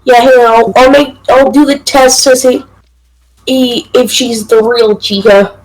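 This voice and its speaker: A woman playing a choose-your-path story game, answering quickly and reacting to the events. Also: fairly high pitch, steady tone, low-quality recording. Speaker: player. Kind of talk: casual role-play.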